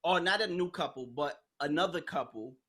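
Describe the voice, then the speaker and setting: A woman's voice: low-pitched, moderate pace, fairly bright tone, breathy edge. A woman hosting a podcast in casual chat, talking bluntly and animatedly, acting out quoted voices and swearing freely. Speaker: podcast host.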